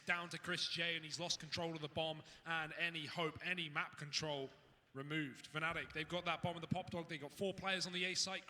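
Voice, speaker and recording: High-voiced male esports play-by-play caster. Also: long reverb tail. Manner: rapid excitable play-by-play. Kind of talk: play-by-play commentary.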